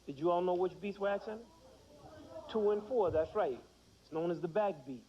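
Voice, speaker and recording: A man's voice: high-pitched, normal speed, long pauses, dark tone, long reverb tail, highs cut off. A man teaching children about rhythm in a playful, demonstrative way, counting beats aloud. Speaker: music teacher.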